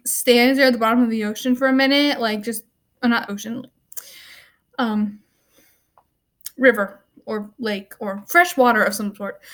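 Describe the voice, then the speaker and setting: A young woman with a slightly high voice rants about a film straight to the camera. She rambles, leaning on "like" and "um" as she goes, with a wry, offhand edge. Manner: rambling, full of "like" and "um". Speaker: student vlogger. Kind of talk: casual movie rant to camera.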